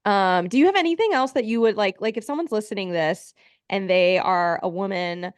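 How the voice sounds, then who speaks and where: A woman's voice: mid-range voice, a little fast, smooth, no echo, studio quality. A woman hosting a health podcast, chatty and reassuring as she talks with a guest. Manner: chatty, reassuring, many fillers. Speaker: podcast host, gut health therapist. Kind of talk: casual interview chat.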